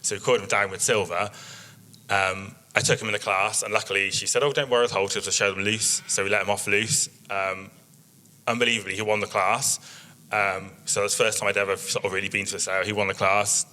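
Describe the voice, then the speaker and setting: A man's voice: lowish voice, level tone, fairly quick, pushed and bright, a little hiss or hum. A man in his thirties, a sheep breeder giving a chatty, story-filled workshop talk with slides and plenty of ums. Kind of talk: presentation with slides.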